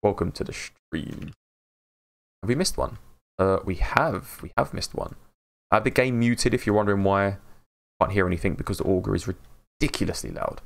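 Low gravelly English streamer. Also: male voice, moderate pace, long pauses. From England. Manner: chatty and upbeat, greets chat by name, laughs often. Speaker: game streamer. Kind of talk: casual live-stream chat while gaming.

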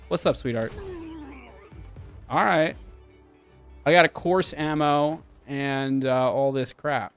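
Young male streamer, slightly high voice, loose and profane live commentary to chat. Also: expressive, slow pace, pauses often, smooth, faint music behind. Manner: chatty, swears often, talks to chat. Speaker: livestreamer. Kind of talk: casual live game commentary.

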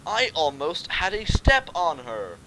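A man's voice: on the high side, huge pitch swings, unhurried, noisy background, pitched above the performer's own voice. A British man voicing a huge, clumsy stallion who is new in town, in a mock-grand reading tone. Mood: flustered.

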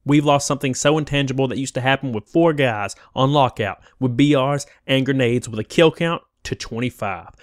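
A man's voice: mid-range voice, fairly quick, hardly any pauses, no echo, studio quality. A man narrating a scripted game review in a wistful, opinionated way. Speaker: YouTube game critic.

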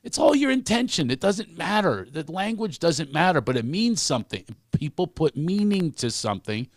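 Animated, ranting comedian man. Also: a little high, moderate pace, no room sound, studio quality. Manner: ranting, repeats words when fired up. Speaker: comedian guest. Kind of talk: animated podcast conversation.

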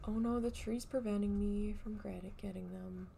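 A woman's voice: mid-range voice, flat delivery, moderate pace, creaky, mellow, a little hiss or hum. A young adult woman commentating her video game playthrough in a casual way, tossing out wry, sarcastic quips at the game. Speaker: let's play gamer.

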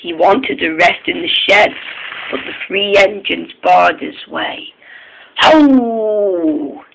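A man reading a railway storybook aloud, halting and restarting often. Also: high voice, steady tone, gravelly, background noise.

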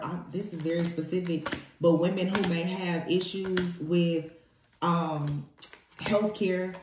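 A woman's voice: fairly low pitch, darkish tone, a little hiss or hum. A woman giving a spoken tarot reading, emphatic and repeating her key phrases for weight. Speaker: tarot reader. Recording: echoey room.

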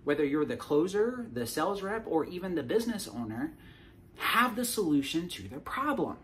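A man's voice: a little high, sing-song, normal speed, a bit bright, slight background noise. A man giving a casual sales coaching talk to the camera, often tagging his points with "right?" and repeating words as he restarts.

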